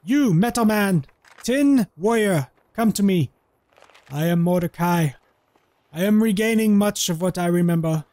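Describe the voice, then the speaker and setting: A man's voice: high voice, expressive, unhurried, a little mellow, no room sound. A man voicing a grandiose, menacing male wasteland wanderer in a melodramatic put-on accent while playing a game. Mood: vengeful. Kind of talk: let's play role-play voice.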